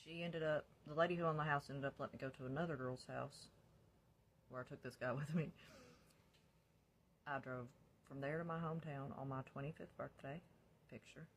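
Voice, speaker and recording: A woman's voice: low-pitched, fairly even intonation, brisk, pauses often, a little hiss or hum. A woman telling her own past in a candid, casual way, sometimes dropping to a whisper. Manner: candid, drops to a whisper when quoting herself, laughs in places. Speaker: storyteller recounting her past. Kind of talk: casual personal storytelling.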